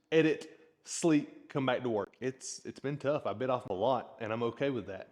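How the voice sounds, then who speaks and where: Man, blacksmith vlogger, casual talk, earnest, encouraging, mid-pitched voice. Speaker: blacksmith and channel host. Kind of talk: casual reflective vlog talk.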